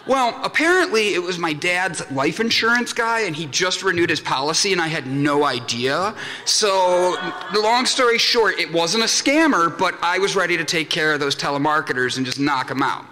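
Bright-voiced jokey man in a conference hall. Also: on the high side, lively intonation, normal speed. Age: young adult. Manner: jokey storyteller, acts out voices in anecdotes. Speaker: conference speaker. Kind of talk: comedic keynote talk to a live audience. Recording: long hall reverb from a conference room.

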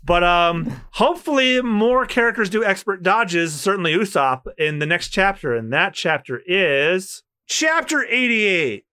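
A man's voice: sits high, measured pace, few pauses, clear, resonant tone. A man co-hosting a casual podcast, reading comic scenes aloud and acting out the characters' lines. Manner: animated, acts out lines in character voices. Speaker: podcast co-host.

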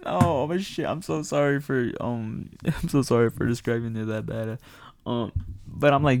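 A young man telling a profane, animated story in casual chat, often laughing. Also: mid-range voice, normal speed, creaky, no room sound, clean studio sound.

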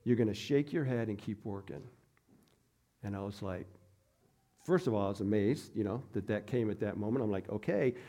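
Male pastor, mellow voice, chatty storytelling sermon. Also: medium pitch. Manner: conversational, self-deprecating storytelling.

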